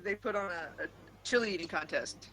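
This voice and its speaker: Man, high voice, bright tone, rambling casual chat, video call, robotic glitchy audio. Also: a little fast, a little hiss or hum, rough recording. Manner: rambling storyteller, many restarts and "like". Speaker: friend in a group video call. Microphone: computer mic on a video call.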